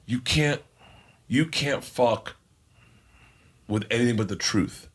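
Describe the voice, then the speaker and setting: A man's voice: mid-range voice, slow pace, fairly bright tone. A man speaking in a podcast clip, rambling and emphatic with frequent swearing.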